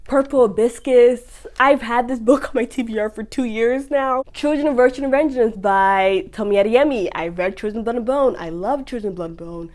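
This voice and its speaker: A young woman chatting casually as a book vlogger, gushing and animated with playful rants while answering a book tag. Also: fairly high pitch, moderate pace, few pauses.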